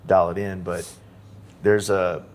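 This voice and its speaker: Laid-back low-voiced man hosting a podcast. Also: slow. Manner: relaxed, loose talk full of "like" and "you know". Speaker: podcast host. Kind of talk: casual interview chat.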